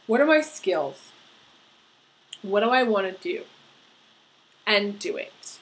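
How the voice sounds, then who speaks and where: A woman giving a tarot horoscope reading, earnest and halting, with many fillers and restarts. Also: mid-range voice, lively intonation, a bit bright, low-quality recording. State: getting emotional. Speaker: tarot reader.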